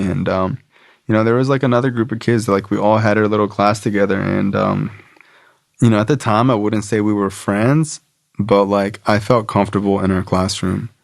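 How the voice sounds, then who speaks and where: A man's voice: lowish voice, gravelly, dry recording, clean studio sound. A man, a podcast guest, telling a personal story casually, rambling with many filler words.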